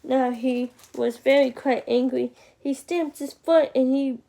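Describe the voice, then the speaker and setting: A woman reading a picture book aloud, slow and with chatty asides to the listener. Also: high voice, fairly even intonation, vocal fry, warm tone. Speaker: storybook reader.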